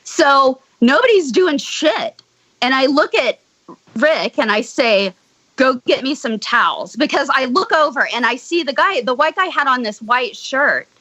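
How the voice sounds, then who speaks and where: Bright-toned woman telling a wild story. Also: sits high, measured pace, no room sound, poor audio. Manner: blunt, swears freely, animated retelling. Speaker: podcast guest. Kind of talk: casual storytelling.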